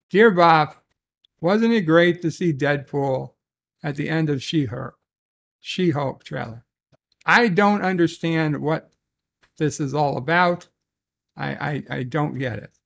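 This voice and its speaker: A man hosting a casual solo livestream, reading viewer messages aloud slowly and haltingly, with restarts and muttered asides. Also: fairly high pitch, vocal fry.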